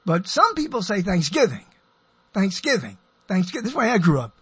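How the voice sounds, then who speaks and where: Older male radio personality: lively, sing-song delivery, husky tone, wry and digressive monologue. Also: high voice, quick pace, no echo. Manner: digressive, self-interrupting, wry.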